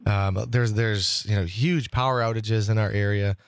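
Rambling talk-radio host, low and dry. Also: male voice, steady tone, normal speed, smooth, dry recording. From Wisconsin. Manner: rambling, with many restarts and fillers. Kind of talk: casual talk radio chat.

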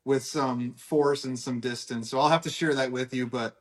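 A man's voice: mid-range voice, fairly even intonation, normal speed. A man, a radio guest telling family stories in a friendly, easygoing way. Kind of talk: casual radio interview.

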